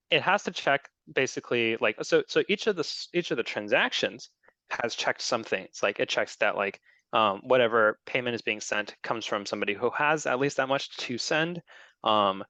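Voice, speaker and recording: A man's voice: medium pitch, fairly bright tone, dry recording, dull audio. A man giving a technical talk, explaining step by step with frequent ums and restarts. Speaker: presenter. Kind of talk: technical talk with audience questions.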